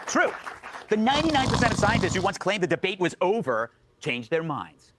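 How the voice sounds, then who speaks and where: A man's voice: sits high, sing-song, brisk, over a noisy crowd, heavy background noise. A man delivering a scripted comedic monologue as a late-night host, with snappy punchlines.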